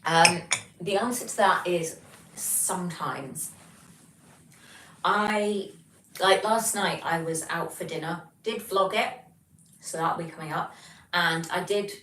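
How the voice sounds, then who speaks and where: A woman's voice: lowish voice, takes it slowly, long pauses, a bit bright, a little hiss or hum. A young English woman hosting a casual livestream, chatting and reading out viewer comments with lots of ums. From England. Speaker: livestream host. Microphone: phone. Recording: echoey room, mic far off.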